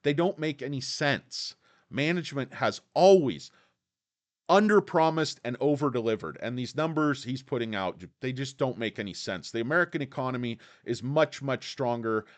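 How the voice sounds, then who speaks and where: Man, stock vlog host, angry crude ranter, very animated delivery. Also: moderate pace. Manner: angry ranting, crude insults, lively pitch swings. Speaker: stock market vlogger host. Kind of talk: ranting market commentary. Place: Los Angeles.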